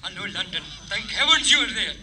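A man's voice: high-pitched, expressive, a little fast, bright, forceful tone, slight background noise, exaggerated voice, low-quality recording. A man voicing a panicking sailor sinking at sea, calling frantically for help over the radio. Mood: frantic. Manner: frantic radio distress call.

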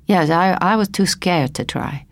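A woman voicing a kind, polite middle-aged man who gently corrects and encourages. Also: lowish voice, normal speed, dry recording, close to an everyday voice. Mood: encouraging.

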